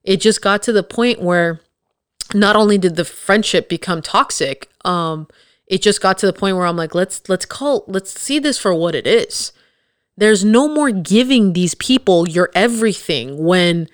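A woman's voice: medium pitch, lively intonation, a little slow, no echo, clean studio sound. A woman hosting a podcast, giving candid, blunt advice to her listeners in an emphatic, confiding way. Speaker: podcast host.

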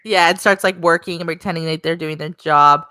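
Lower-voiced young woman, dry close sound. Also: steady tone, fairly quick, sharp tone, no echo. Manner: easygoing, chatty narration with quoted lines. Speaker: podcast co-host. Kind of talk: casual recap chat.

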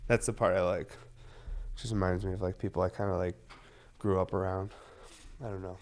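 Man, 30s, low voice; loose, filler-heavy, profane vlogger chat. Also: level tone, brisk, darkish tone, slight background noise. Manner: loose, rambling, heavy on fillers, swears often. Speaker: cannabis vlogger. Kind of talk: casual rambling monologue.

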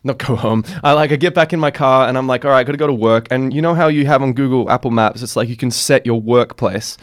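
A man's voice: mid-range voice, brisk. A young man, telling a story in a rambling casual podcast chat. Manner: rambling, lots of "like", laughs while telling. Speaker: podcast host.

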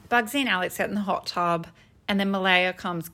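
A woman's voice: medium pitch, normal speed, pushed and bright. A woman co-hosting a podcast, chatting casually, laughing and swearing freely. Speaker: podcast co-host. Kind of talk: casual chat.

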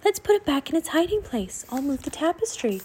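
A woman voicing an eager young girl turned into a raven in a storybook reading, talking in a high, coaxing way. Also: big pitch swings, brisk, darkish tone.

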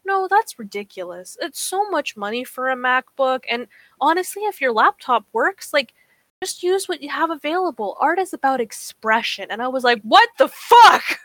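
A young woman co-hosting a chat podcast, her voice bright and clear, pitched a little high. She tells stories in an animated, profane way, acting out every line people said to her. The sound is dry and close. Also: moderate pace, no echo. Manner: profane, animated storytelling, acts out quotes. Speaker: podcast co-host. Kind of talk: casual chat.

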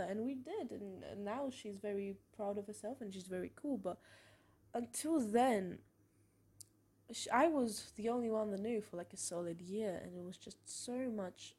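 A young woman hosting a podcast, telling personal stories in a frank, expressive way, with swearing and small laughs. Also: medium pitch, normal speed, slightly rough. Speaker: podcast host. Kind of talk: candid personal monologue.

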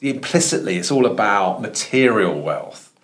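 Man, Estuary accent, low voice, professor guest, earnest, many restarts. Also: very animated, moderate pace, fairly bright tone. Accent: Thames Estuary English. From London. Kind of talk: conversational podcast interview.

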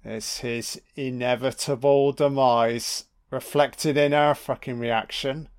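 A man's voice: mid-range voice, steady tone, slow pace, clean tone. A man giving casual, sweary commentary on a film, talking back to the characters on screen. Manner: sweary, mocking asides to the screen.

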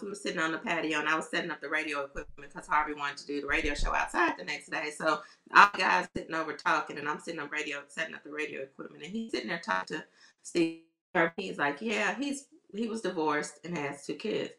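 A woman's voice: deep voice, quick pace, gravelly, bright, forceful tone. A woman in her forties, a radio producer, telling candid stories and laughing through them in a casual interview. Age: 40s. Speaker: radio show producer and talent booker. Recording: roomy echo.

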